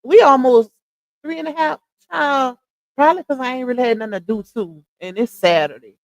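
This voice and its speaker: A woman's voice: high voice, fairly quick, no echo. A young woman with a Louisiana Southern accent, chatting casually with her livestream viewers and laughing often. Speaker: livestream host.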